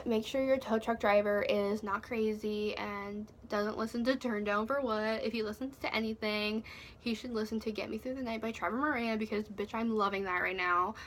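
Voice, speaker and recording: A woman's voice: mid-range voice, bright, forceful tone, slight background noise. A young woman telling a storytime vlog, breathless and swearing, with "like" in nearly every line. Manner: breathless, swearing, heavy use of "like". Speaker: vlogger.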